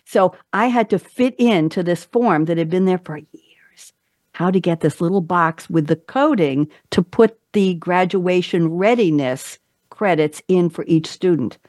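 A woman hosting a talk show, chatting playfully with guests and making quick asides. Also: on the low side, a little mellow, no room sound, clean studio sound. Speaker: podcast host. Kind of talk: casual interview talk show.

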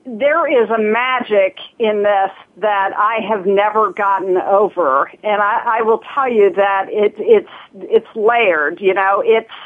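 A woman's voice: medium pitch, slow, hardly any pauses. A woman from Southern Ohio, a guest speaking earnestly in a casual interview, with many fillers and restarts. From Southern Ohio, USA. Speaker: guest, nonprofit leader. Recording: tinny phone line.

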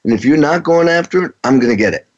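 A man's voice: on the high side, lively intonation, fast talker, a little mellow. A middle-aged man, a touring rock drummer, telling anecdotes in a casual interview, rambling with frequent restarts. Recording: dull lo-fi sound.

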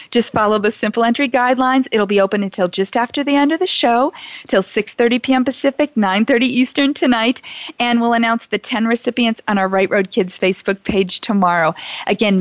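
A woman hosting a live show, reading shout-outs and running giveaways in a gushing, emotional way. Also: mid-range voice, dry recording, dull audio. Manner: warm, gushing, emotional at times. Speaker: radio show host.

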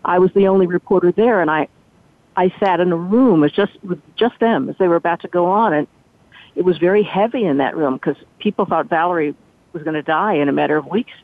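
An older woman's voice, on the low side and fairly quick, comes through a tinny, dry phone line. Formerly an entertainment reporter, she's a lively interview guest telling behind-the-scenes stories and acting out what others said.

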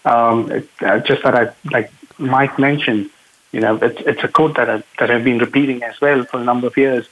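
A man calling in as a panel guest, speaking earnestly and haltingly with many fillers, over a tinny phone line. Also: medium pitch, fairly even intonation, breathy edge. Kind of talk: casual remote discussion.

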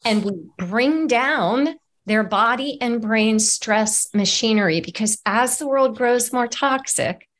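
A middle-aged woman, an author being interviewed on a video call, talking earnestly in a conversational way. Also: a little high. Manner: earnest and animated, acts out examples.

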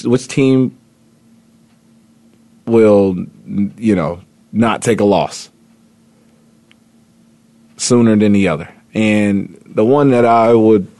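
A man's voice: lowish voice, darkish tone, no room sound. A man hosting a sports talk radio show, chatting casually and rambling with lots of fillers and restarts. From Indiana.

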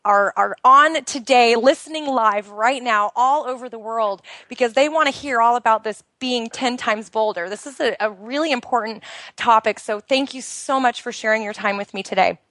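A woman's voice: fairly high pitch, moderate pace, a bit bright, dry recording, clean studio sound. A woman hosting a live podcast interview, friendly and encouraging as she prompts her guest. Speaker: podcast host.

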